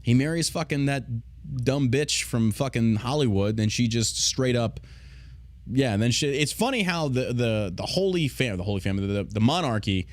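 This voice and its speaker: A man's voice: medium pitch, lively intonation, normal speed, dry recording. A man hosting a podcast, ranting in casual, profane, sarcastic commentary. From United States. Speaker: podcast host.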